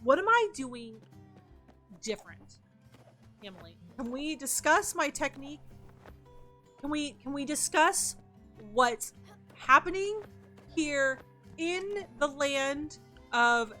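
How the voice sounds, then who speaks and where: A woman's voice: sits high, expressive, slow, long pauses, sharp tone, soft background music. A woman on a headset mic streaming a game, greeting and thanking her chat between profane, exasperated outbursts. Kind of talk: casual live-stream gaming chat.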